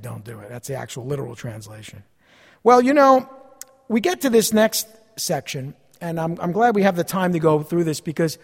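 A male pastor with a notably high voice delivers an earnest, conversational sermon. He doubles up on words as he thinks and chuckles between points, and his voice rings with the long reverb of a church sanctuary. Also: darkish tone.

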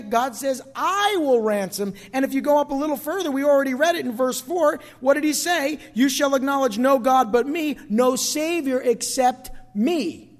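A middle-aged pastor preaching in an emphatic style, leaning on phrases and drawing responses from his congregation. His voice sits very high for a man. The sound carries the long reverb of a church hall. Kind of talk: sermon. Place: church sanctuary.

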